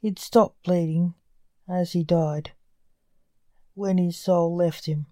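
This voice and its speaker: Slow, mellow woman storyteller. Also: on the low side, fairly even intonation, no echo, studio quality. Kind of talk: scripted narration.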